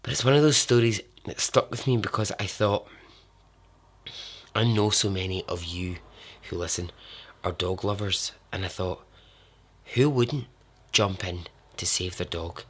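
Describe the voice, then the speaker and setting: Man, podcast host, casual storytelling, slow, lowish voice, repeats words for emphasis. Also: slightly rough. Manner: unhurried, repeats words for emphasis, trails off softly at phrase ends.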